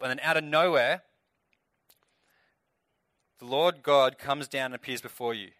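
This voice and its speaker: A man's voice: mid-range voice, pushed and bright, no room sound, clean studio sound. A young man giving a casual Bible talk to a youth group, speaking directly to the kids. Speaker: youth leader.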